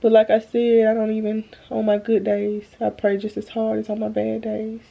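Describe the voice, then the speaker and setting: A young woman talks earnestly to her viewers on a phone camera at home, drained and holding back tears, slow and halting. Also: a little high, completely flat delivery, creaky, muffled recording. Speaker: vlogger. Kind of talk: emotional faith-filled vlog talk. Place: at home, bedroom.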